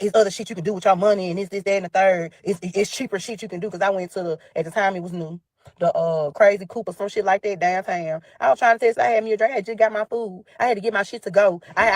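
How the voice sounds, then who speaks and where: In a medium-pitched voice with no room sound, a Southern woman from Memphis rants to her listeners about her ex. The monologue is heated, profane, and openly angry.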